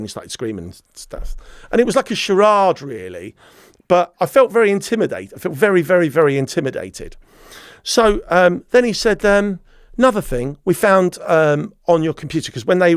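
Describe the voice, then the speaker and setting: A man's voice: on the high side, clean tone, dry recording, clean studio sound. A man, a podcast guest telling a story and acting out the dialogue. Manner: animated, acts out quoted dialogue. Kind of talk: storytelling interview.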